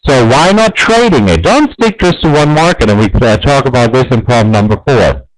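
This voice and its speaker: A man teaching a trading webinar, persuasive and animated, often asking rhetorical questions. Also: medium pitch, brisk, rough recording. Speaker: trading instructor. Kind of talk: webinar lesson.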